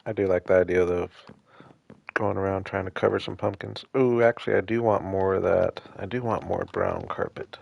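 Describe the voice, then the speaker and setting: A man's voice: sits low, fairly even intonation, moderate pace, creaky, muffled recording. A man streaming a building game, chatting casually with viewers in chat, joking and poking fun at himself. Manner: joking and self-mocking. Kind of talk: casual livestream commentary.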